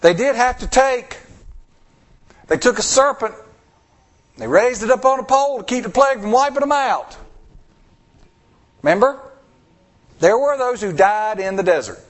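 A male pastor gives a dramatic sermon, questioning the congregation rhetorically and voicing the people he quotes. His voice is very high, his speed normal, and he takes long pauses.

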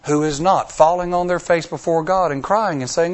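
A male pastor preaching a sermon in a folksy way, repeating lines for emphasis and swinging from hushed, slow passages to loud, high-pitched pleas. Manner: dramatic swings from hushed to near-shouting.

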